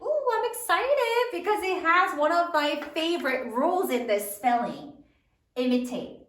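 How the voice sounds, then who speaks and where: Slow, lively high-voiced woman teacher. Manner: slow, clearly enunciated word dictation. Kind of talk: spelling lesson dictation. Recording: roomy, from a distance.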